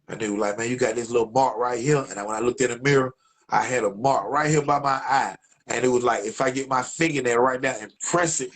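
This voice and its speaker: Young Atlanta man, husky mid-pitched voice, casual profane storyteller who acts out the other voices. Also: a little fast, fairly bright tone, rough recording. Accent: Atlanta, Georgia.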